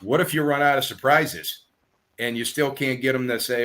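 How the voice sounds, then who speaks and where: A man's voice: mid-range voice, steady tone, normal speed, fairly bright tone. A man who sells real estate, explaining his methods in a podcast chat and acting out phone calls as he goes. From southern United States. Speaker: guest real estate agent.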